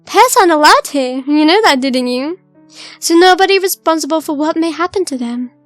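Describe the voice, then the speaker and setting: A woman reads as a grieving woman who looked after stray cats. She pleads in a raised, high voice. The sound is dry and close. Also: expressive, normal speed, no echo, soft background music. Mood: distraught.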